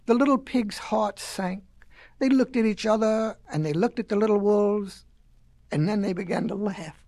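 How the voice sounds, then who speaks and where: A woman reading a children's story aloud in an expressive, folksy way. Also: medium pitch, moderate pace.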